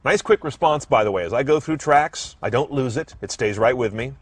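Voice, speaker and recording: Lively wry man reviewing a car. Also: medium pitch, husky, dry recording. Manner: brisk, wry and opinionated. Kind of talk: scripted product review narration.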